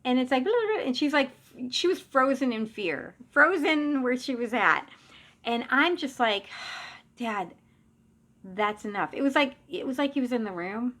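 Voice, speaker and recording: A woman's voice: high voice, normal speed, bright, forceful tone. Middle-aged woman telling a personal story. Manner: conversational, with frequent restarts and trailing asides. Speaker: psychic medium.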